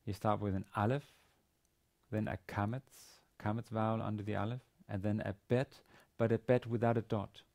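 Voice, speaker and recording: A man lecturing on a language lesson, speaking haltingly with many fillers and restarts. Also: on the low side, fairly even intonation, gravelly, a little mellow. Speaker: university lecturer.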